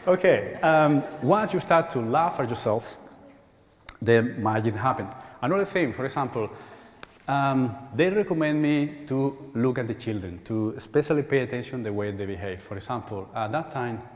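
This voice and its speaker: Man, Spanish accent, inspirational speaker, animated, acts out voices, mid pitch, echoey church hall. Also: moderate pace. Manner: animated storytelling, acts out quoted voices, laughs often. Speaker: conference speaker. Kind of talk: inspirational talk. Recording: echoey hall with long reverb.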